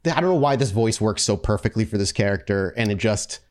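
A man's voice: on the low side, expressive, fairly quick. A man hosting a casual podcast, explaining as he goes with many fillers. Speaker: podcast host. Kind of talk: casual chat.

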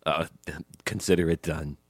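A man voicing a chain-smoking, dog-loving character who calls everyone honey, in a drawling comic voice a little lower and softer than his own. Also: fairly even intonation, moderate pace, no echo. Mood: doting. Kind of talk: improvised comedy character.

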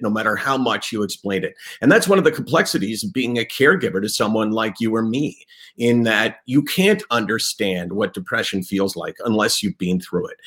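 A man's voice: on the low side, fairly bright tone. A man interviewing a guest, speaking in an earnest, emphatic, explanatory way. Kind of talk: conversational interview.

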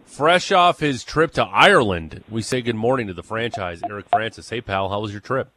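A man hosting a sports radio show in a studio, brisk and joking with his guests. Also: lowish voice, animated, sharp tone, slight background noise. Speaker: radio host.

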